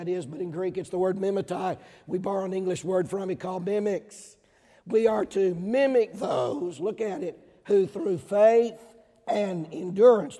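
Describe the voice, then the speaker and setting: A middle-aged man from Georgia with a Southern accent, preaching a sermon emphatically, swinging between loud stressed words and quieter asides. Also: sits high, slightly rough. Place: large hall with audience. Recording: hall reverb.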